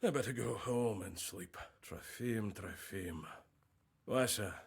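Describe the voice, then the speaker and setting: A man's voice: lowish voice, takes it slowly, gravelly, husky, exaggerated voice. An actor playing a shaken, loyal young village man in a video game, speaking earnestly and wearily. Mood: weary. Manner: earnest, weary. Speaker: game character.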